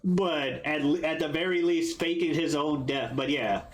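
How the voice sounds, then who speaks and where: A man's voice: a little high, a little slow. A man chatting casually about a film he just watched, rambling and swearing as he acts out his own reactions. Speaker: podcast co-host, first-time viewer. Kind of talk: casual movie review chat.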